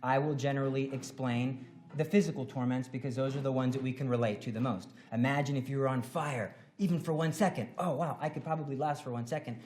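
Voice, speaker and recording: A man giving an earnest devotional talk at a symposium, exhorting his listeners and breaking into loud, emphatic bursts. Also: medium pitch, fairly even intonation, fast talker. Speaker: conference speaker.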